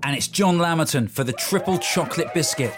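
A man's voice: a little high, animated, a little fast, over loud music. A man co-hosting a casual podcast awards segment, chuckling easily as he presents. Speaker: podcast co-host. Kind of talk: casual awards-show chat.

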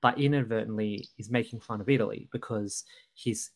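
A man's voice: on the low side, steady tone, brisk. A man co-hosting a podcast, talking over a film in a hesitant, earnest way, with many ums and restarts. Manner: earnest, critical. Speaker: podcast co-host. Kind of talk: casual film review chat.

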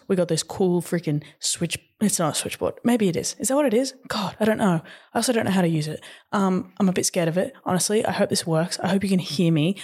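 A young woman with a fairly low voice. She chats brightly and pokes fun at herself in a casual podcast monologue. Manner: bubbly, self-deprecating. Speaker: podcast co-host.

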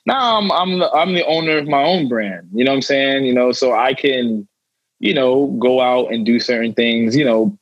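A young man with a husky, grainy voice rambles casually and circles back over his own phrases. The sound is dry and close, with a dull, lo-fi edge from a remote call. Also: mid-range voice, normal speed, no room sound. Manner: loose, rambling, repeats himself. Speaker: guest athlete and rapper. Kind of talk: casual interview talk.

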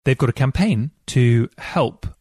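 A man's voice: medium pitch, a little slow, a little mellow, slightly rough, no echo. Man, chatty host, reads emails, dry close sound. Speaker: podcast host. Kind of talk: casual podcast chat.

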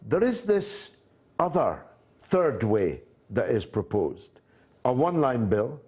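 A man hosting a political interview, asking long, measured questions broken up by frequent "uh" pauses. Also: mid-range voice, very animated, a little mellow, breathy edge. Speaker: host.

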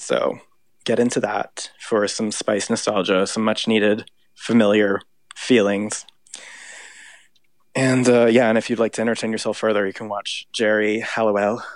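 A man's voice: on the low side, no echo. A man co-hosting a casual pop culture podcast, chatty and full of "like" fillers. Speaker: podcast co-host. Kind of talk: casual chat about pop music.

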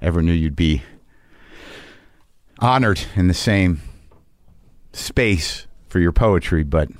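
A man's voice: deep voice, animated, slow pace, no room sound, clean studio sound. A man hosting a podcast, speaking in a loose, rambling way with lots of fillers and restarts before reading poetry aloud. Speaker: podcast host. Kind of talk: casual monologue and poetry reading. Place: home garage studio.

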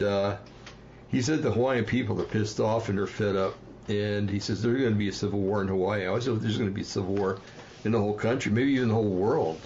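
A man from New Jersey hosting a casual livestream, rambling and heated, with many fillers and quick apologies. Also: fairly low pitch, a little mellow, muffled recording, a little hiss or hum. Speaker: livestream host.

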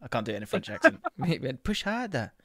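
A middle-aged man with a London accent chats about football in a relaxed, self-mocking way, often laughing at himself. His voice sits at an ordinary middle pitch. The recording is dry and close, with no room sound. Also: racing, husky, no room sound. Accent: London English. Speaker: podcast co-host. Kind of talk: casual football chat.

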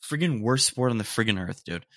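A man's voice: lowish voice, animated, fairly quick, a bit bright, no echo, studio quality. Rambling young man saying "dude" a lot. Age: young adult. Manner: rambling, slangy, says "dude" often, mock-indignant. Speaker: podcast host. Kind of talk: casual solo podcast rant. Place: room at home, roommates nearby.

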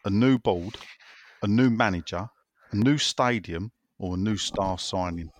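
A man's voice: fairly low pitch, a little slow, no room sound. A man hosting a casual football podcast, chatting and reading out listener messages. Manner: chatty, reads listener messages aloud, drops "innit". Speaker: podcast host.

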